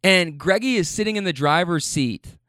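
A man's voice: high-pitched, animated, moderate pace, fairly bright tone, dry recording, studio quality. A man casually telling a story, rambling with fillers, stammers and swearing.

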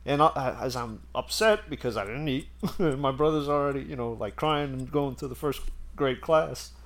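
A man's voice: mid-range voice, moderate pace. A man telling a story in casual chat, rambling and laughing as he goes.

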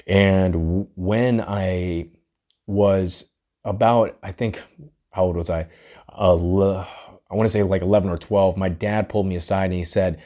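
A man's voice: sits low, fairly even intonation, normal speed, dark tone. A man hosting a podcast, giving an earnest, reflective solo talk and often checking in with "right?". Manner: earnest, musing, often tags lines with "right?". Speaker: podcast host.

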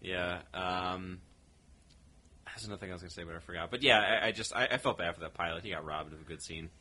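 A man's voice: low voice, fast talker, a little hiss or hum. A man chatting casually as a podcast co-host, hesitant with many restarts, acting out lines he quotes. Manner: hesitant, many fillers and restarts, lively quoting. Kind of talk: casual chat.

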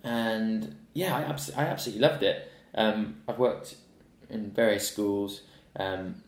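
Rambling man with a lowish voice. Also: a little slow. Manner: rambling anecdotes full of fillers and restarts. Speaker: guest, actor. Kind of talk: casual podcast chat. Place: indoor room. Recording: roomy echo.

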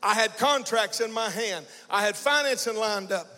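A male pastor preaching a fervent sermon, storytelling and then shouting and chanting in bursts. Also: high-pitched, moderate pace. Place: large church sanctuary. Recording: church hall with long reverb.

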